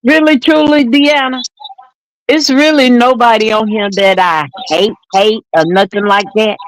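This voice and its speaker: A woman's voice: on the high side, steady tone, measured pace, rough recording. Toothless seventy-something woman, salty and joking. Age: 70s. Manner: salty, joking, laughs often. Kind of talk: casual chat.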